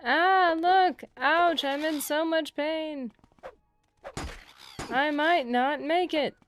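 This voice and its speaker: A woman's voice: sits high, very slow, fairly bright tone, faint music behind, voice pushed up, full character voice. A woman putting on the voice of a melodramatic, helpless damsel, wailing theatrically about her suffering.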